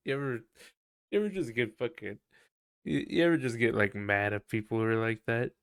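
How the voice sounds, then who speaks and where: A man's voice: brisk, clear, resonant tone, no echo. Rambling young-sounding man on a dry mic. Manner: rambling, swears, mocks people in high put-on voices. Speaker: podcast host. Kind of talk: casual solo podcast chat. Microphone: desk mic on voice chat.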